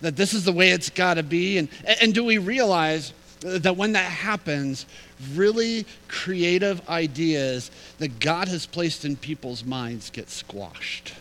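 A man preaching a sermon in an animated, humorous, conversational way. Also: a little high, slow pace, low-quality recording. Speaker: pastor.

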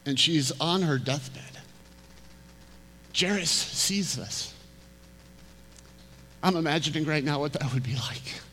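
A male pastor preaching a storytelling sermon, slowing down and dropping to a hush for emphasis. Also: on the high side, slight background noise. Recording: reverberant hall.

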